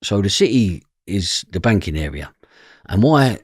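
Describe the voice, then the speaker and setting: A deep-voiced man with an East London accent tells stories about his past in a podcast interview, acting out other people's voices. He's unhurried, with big pitch swings and a breathy edge, in a dry, clean studio recording.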